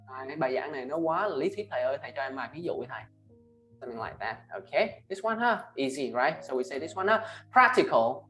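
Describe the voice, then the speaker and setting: A male English teacher with a Vietnamese accent leads an online class. He models each word slowly and tags most phrases with "right?" or "huh?". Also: fairly high pitch, lively intonation, a bit bright, soft background music. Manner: ends phrases with tag questions "right?" and "huh?"; slow, emphatic model pronunciations. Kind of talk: online class, pronunciation drilling.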